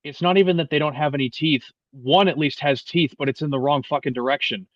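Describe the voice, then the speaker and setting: A man's voice: a little high, fast, no echo, highs cut off. Young man ranting with profane energy. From United States. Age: 20s. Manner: profane, animated, many restarts. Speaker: guest. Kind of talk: casual political chat.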